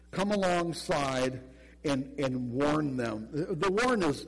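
A man preaching a sermon as pastor, animated, acting out little quotes and often repeating words as he goes. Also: medium pitch, husky, long reverb tail, rough recording.

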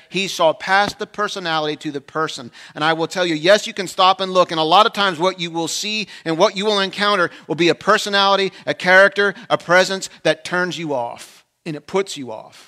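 Bright, forceful preacher telling a story. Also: male voice, high voice, brisk. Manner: animated, swinging between loud emphasis and hushed asides; self-deprecating humor. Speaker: pastor. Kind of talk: sermon with personal storytelling.

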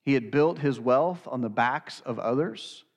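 A man preaching a sermon in earnest, slowing down to stress key phrases. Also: mid-range voice, in a large hall. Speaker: pastor.

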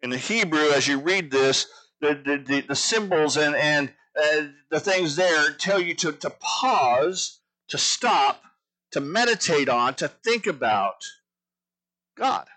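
Male pastor, bright and forceful tone, slightly higher voice, earnest teaching sermon. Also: lively intonation, unhurried, rough recording. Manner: earnest, repeats phrases for emphasis.

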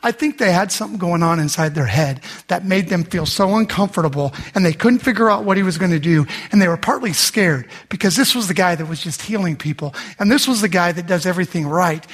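A middle-aged male pastor preaching a sermon, telling the story with humor and acting out the people in it, and rising to shouts for emphasis. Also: high voice, brisk, few pauses, husky. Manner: animated storyteller, acts out voices with humor.

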